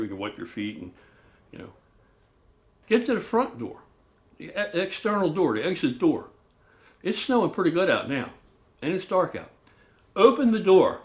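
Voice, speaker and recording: A man casually recounting a true ghost story, animated, acting out loud booms and swearing now and then. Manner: animated, loud booming sound effects, swears.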